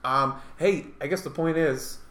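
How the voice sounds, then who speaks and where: A man co-hosting a casual podcast, rambling through jokes and swearing freely. His voice is bright and forceful, and it rings a little in an echoey room. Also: on the high side, measured pace. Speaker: podcast co-host. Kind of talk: casual chat.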